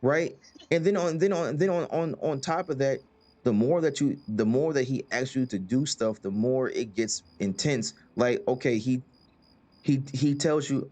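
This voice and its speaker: A man talks through a game in a loose, rambling way. He stumbles over and repeats words, with lots of fillers, at a middling pitch. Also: a little slow, warm tone. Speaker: host. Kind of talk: casual gaming chat.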